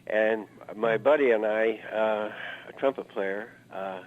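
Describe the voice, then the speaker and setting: A man in his seventies spins long, meandering stories, leaning on "uh" and "you know" as he goes. His voice sits fairly low. The sound is thin and narrow, like a phone line. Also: a little slow. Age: 70s. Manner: rambling, anecdotal, lots of "uh" fillers. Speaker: guest musician. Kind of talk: reminiscing interview storytelling. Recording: narrow phone-like interview audio.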